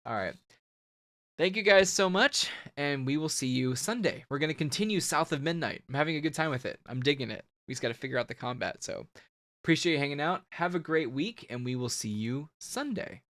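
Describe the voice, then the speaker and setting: A man's voice: fairly high pitch, animated, a little fast, a bit bright. A man hosting a comics live stream, chatting loosely and ranting to his viewers. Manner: loose, ranting, laughing, talks to chat. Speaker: comics show host. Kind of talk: casual live-stream wrap-up.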